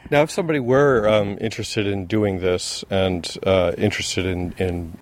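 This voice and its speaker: Lowish-voiced guy interviewing, kinda hesitant, lots of "right, right". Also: fairly even intonation, normal speed. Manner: hesitant, many ums and agreeing "right"s. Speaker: radio interviewer. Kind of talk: interview questions.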